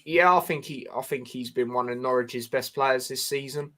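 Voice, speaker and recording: A man's voice: mid-range voice, normal speed, fairly bright tone. A man co-hosting a casual football chat, arguing his points and pushing back. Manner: argumentative, pushes back with "come on, man". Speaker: co-host.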